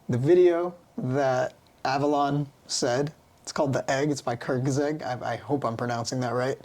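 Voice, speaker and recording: A man's voice: mid-range voice, darkish tone. Earnest, slangy man musing casually. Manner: earnest, musing, with easy laughs; loose, slangy phrasing. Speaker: podcast guest. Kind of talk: casual reflective conversation.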